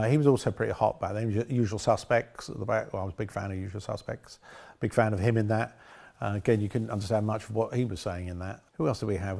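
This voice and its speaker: A man's voice: fairly low pitch, vocal fry, dark tone. A man talking about his past work as a film director in a casual interview, rambling with frequent restarts and self-corrections.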